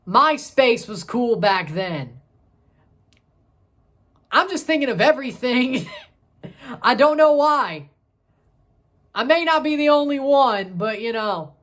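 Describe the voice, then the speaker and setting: A woman in her thirties hosting a casual sports review vlog, excitable and rambling, correcting herself as she goes. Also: on the high side, slow, pauses often. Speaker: sports channel host.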